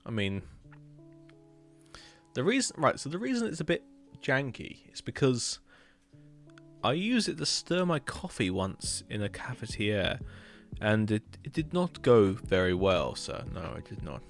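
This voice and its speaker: Streamer, young man, Hampshire accent, gravelly voice, chatty and rambling, faint music behind. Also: mid-range voice, sing-song, a little slow. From England. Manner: chatty, rambling, repeats words. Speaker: streamer reviewing builds. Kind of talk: casual live-stream commentary.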